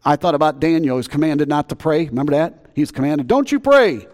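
A man preaching a sermon as pastor, conversational, swinging between loud emphasis and quiet asides. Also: a little high, steady tone, fast. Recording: long reverb.

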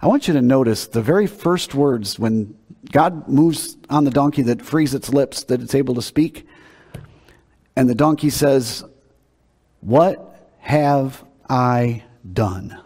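A man's voice: mid-range voice, normal speed, dark tone, husky. A man preaching a sermon in a conversational, emphatic way, often repeating words as he builds a point. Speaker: pastor. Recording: long hall reverb.

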